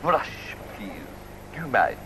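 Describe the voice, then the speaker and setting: A man's voice: mid-range voice, very animated, a little slow, a bit bright, a little hiss or hum. A man voicing a cheeky male fox puppet who puns and laughs at his own jokes in a TV safety film. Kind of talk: 1990s TV public information film.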